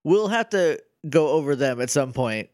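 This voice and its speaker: A man's voice: fairly high pitch, animated, moderate pace, a little mellow. A man co-hosting a podcast in casual chat, easygoing, laughing a lot and swearing casually. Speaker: podcast co-host.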